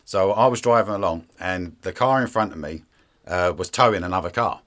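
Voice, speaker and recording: A man's voice: deep voice, a little fast, fairly bright tone. A man hosting a casual interview, chatty and rambling, often dropping to a mutter. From Britain. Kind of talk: casual conversation.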